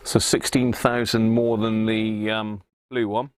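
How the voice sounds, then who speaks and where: A man's voice: fairly low pitch, flat delivery, unhurried, smooth. Chatty southern English man on a livestream. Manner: chatty, chuckles often, answers viewers by name. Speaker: livestream host restoring vintage radios. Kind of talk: casual live-chat commentary. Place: home workshop.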